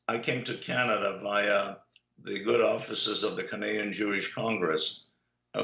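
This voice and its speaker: Older man telling stories, gravelly and low. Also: bright, forceful tone. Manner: unhurried anecdotal storyteller, many "uh" pauses. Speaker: guest, Holocaust survivor. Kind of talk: storytelling in an interview. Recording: echoey, dull lo-fi recording.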